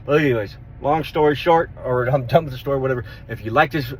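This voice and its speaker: A middle-aged man telling a street fight story in a casual vlog, rough-spoken, swearing and repeating himself as he goes. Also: medium pitch, quick pace, a little hiss or hum. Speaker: vlogger.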